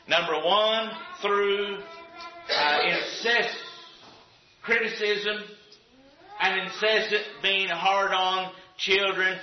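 A man preaching a sermon with an emphatic, repetitive cadence. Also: high voice. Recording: echoey, dull lo-fi room sound.

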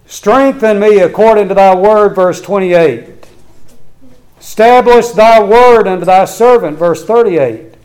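A man's voice: high voice, darkish tone, rough recording. A man preaching a sermon, reading scripture aloud with earnest emphasis and urging his listeners.

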